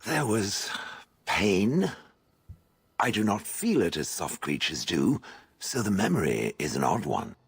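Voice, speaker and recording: An actor playing a haughty, aloof male stone golem in a game, speaking with posh, husky dryness. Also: low voice, very animated, unhurried, full character voice. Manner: posh, refers to others as "it". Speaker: game character. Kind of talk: voiced game dialogue.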